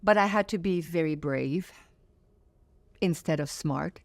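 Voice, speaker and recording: A low female voice with vocal fry speaks a little slowly. She's in her fifties, a native French speaker and singer being interviewed while seated, and she comes across as sincere and reflective, repeating phrases to emphasize them.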